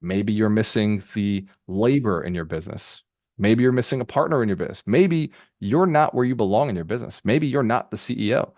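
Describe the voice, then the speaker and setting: A lower-pitched man talks fast and energetically, coaching a group call like a motivational mentor. He piles up repeated phrases as he drives his points home. The sound is dry and close to the mic. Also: no echo. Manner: energetic, conversational, rapid-fire with repeated phrases. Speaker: real estate mentor hosting a group call. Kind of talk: motivational talk to a live call.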